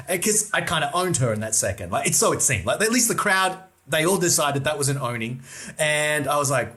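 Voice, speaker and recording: A man co-hosting a comedy podcast, telling a story in a lively way and casually swearing. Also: on the high side, fast. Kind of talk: casual chat, anecdote telling.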